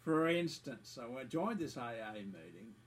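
Aussie man, mid-pitch, sweary scornful monologue rant, circles back on itself. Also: sing-song, unhurried, rough recording. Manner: profane, repetitive, scornful. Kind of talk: angry ranting monologue.

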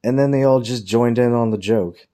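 A man's voice: mid-range voice, normal speed, dark tone. A man telling a rambling, profane workplace story in a casual way, quoting his coworkers in mocking voices. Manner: profane, rambling anecdote with quoted dialogue.

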